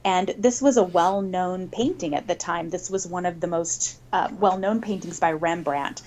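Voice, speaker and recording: A woman's voice: fairly low pitch, normal speed, a little mellow, a little hiss or hum. Woman explaining art as a podcast guest. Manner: explanatory, laughs easily. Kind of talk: casual podcast chat.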